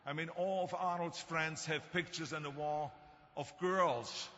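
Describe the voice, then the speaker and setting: A man with a German accent voicing a shocked, worried mother, his pitch pushed up in exasperation. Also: steady tone, unhurried, fairly bright tone. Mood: exasperated. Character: shocked worried mother, middle-aged woman. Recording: echoey hall, dull lo-fi sound, faint noise.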